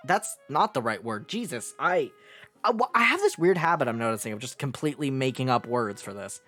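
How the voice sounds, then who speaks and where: A woman's voice: a bass voice, big pitch swings, fairly quick, fairly bright tone, faint music behind. Chatty, self-mocking woman streamer. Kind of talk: casual gameplay commentary.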